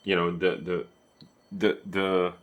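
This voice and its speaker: Male guitarist, low voice, relaxed home-room tutorial delivery, talks the viewer through it step by step. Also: takes it slowly. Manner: chatty, explains step by step with asides to the viewer. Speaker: guitarist and teacher.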